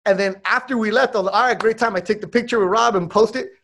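A man, a podcast co-host telling stories in slangy, animated casual chat. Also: sits high, quick pace, gravelly.

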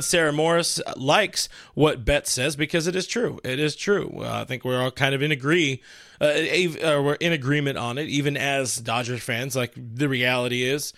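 A man's voice: fairly high pitch, a bit bright, no room sound, studio quality. A man hosting a casual live stream, reading chat comments aloud and rambling through them with frequent restarts. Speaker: livestream host.

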